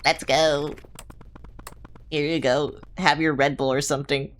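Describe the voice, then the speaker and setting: A woman streamer talking through her gameplay live, excitable and quick to panic, swearing casually as she plays. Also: low voice, slight background noise. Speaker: game streamer. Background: game music.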